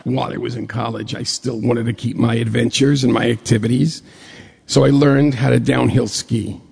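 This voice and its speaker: A man from New York State telling a personal story to an audience in a lively way, acting out the dialogue as he goes. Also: medium pitch, moderate pace, gravelly, slightly rough, long reverb tail.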